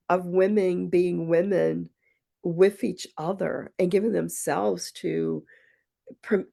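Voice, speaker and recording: A woman's voice: on the low side, creaky, darkish tone. A woman guest on a podcast, reflective and thoughtful, telling personal stories and acting out the quoted dialogue in them. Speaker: podcast guest, poet and retreat founder. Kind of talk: reflective conversational storytelling.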